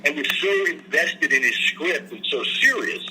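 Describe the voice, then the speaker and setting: Bright-voiced man telling studio stories. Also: a little high, a little slow, poor audio. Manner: animated, slips into impressions. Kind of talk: casual storytelling chat. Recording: faint background noise.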